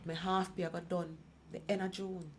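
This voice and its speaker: A woman's voice: fairly low pitch, level tone, moderate pace, breathy edge. A middle-aged woman, giving an emphatic personal testimony as a guest speaker. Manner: emphatic storytelling, acts out others' voices. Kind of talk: personal testimony in a talk program.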